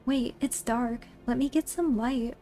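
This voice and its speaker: A woman's voice: fairly high pitch, measured pace, warm tone. A woman voicing a stern ghostly father of the house who gives orders.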